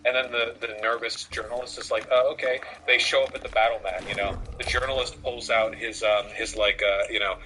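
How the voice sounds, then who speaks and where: A man's voice: fairly low pitch, level tone, a little fast, few pauses, bright, forceful tone, slight background noise, rough recording. A man giving casual reaction commentary on a video, sarcastic and profane, rambling with lots of fillers. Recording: music playing underneath.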